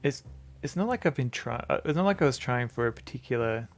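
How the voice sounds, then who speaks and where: Australian man, streamer, casual chat, filler-heavy, self-deprecating, gravelly mid voice. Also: medium pitch, animated, quick pace. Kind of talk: casual chat while playing a game.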